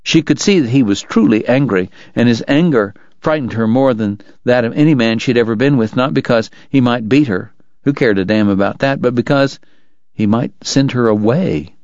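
A man narrating a novel aloud for a radio book program, in a measured, dramatic delivery. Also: mid-range voice, darkish tone, dry recording, lo-fi sound. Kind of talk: audiobook narration.

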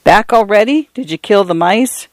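Man reading as a gentle old pioneer grandfather. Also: sits high, animated, no echo, pitched above the performer's own voice. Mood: wistful. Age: older. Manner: slow, gentle, wistful.

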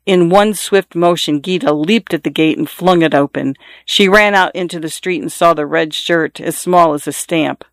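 An audiobook narrator reading literary fiction in a measured, even storytelling voice. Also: medium pitch, dry recording, clean studio sound.

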